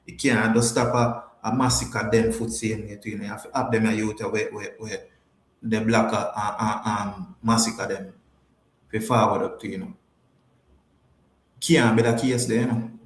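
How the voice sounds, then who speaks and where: A man's voice: fairly low pitch, flat delivery, moderate pace, roomy sound. A man with a Jamaican accent hosting a podcast, chatting casually with viewers and repeating his points for emphasis. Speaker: podcast host. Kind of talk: casual livestream chat, answering viewers.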